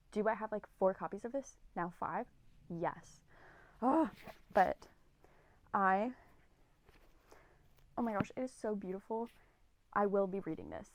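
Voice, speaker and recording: Gushing, rambly young woman host. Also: medium pitch. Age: 20s. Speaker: podcast co-host. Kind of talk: casual solo podcast chat.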